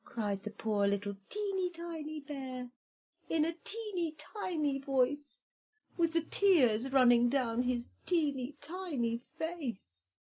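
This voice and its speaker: Woman reading a fairy tale aloud, slow and breathy, voice swoops all over. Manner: expressive, swooping pitch with dramatic slowdowns. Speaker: storyteller.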